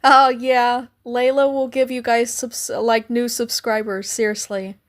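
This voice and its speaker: Young woman streamer, casual chatty host, a touch high-pitched, voice that cracks. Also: level tone, measured pace. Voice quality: voice cracks now and then. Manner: chatty, thanks viewers by name, coos at her cat. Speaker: livestream host. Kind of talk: casual livestream chat.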